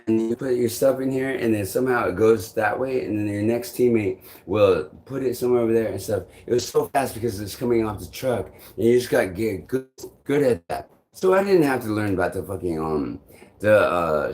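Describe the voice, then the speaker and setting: A man with a somewhat low voice talks straight to his vlog audience. He rambles through a personal story, loops back on himself with "I'm like," swears casually and chuckles along the way. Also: animated, brisk, darkish tone. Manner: meandering, repeats "I'm like", swears freely, chuckles often. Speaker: vlogger.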